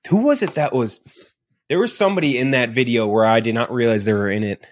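A man co-hosting a podcast, chatting casually and swearing as he rambles through a film idea. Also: fast. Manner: rambling, profane, pitches a film plot. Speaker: podcast co-host. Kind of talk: casual chat.

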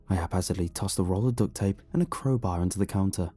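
A man reading a horror story aloud in a slow, hushed, brooding way. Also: sits low, breathy edge, soft background music. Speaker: narrator. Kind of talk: scripted horror narration.

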